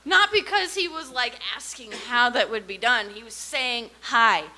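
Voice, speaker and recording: A young woman performing a stand-up comedy set, telling stories in an animated, sarcastic way. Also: on the high side, moderate pace.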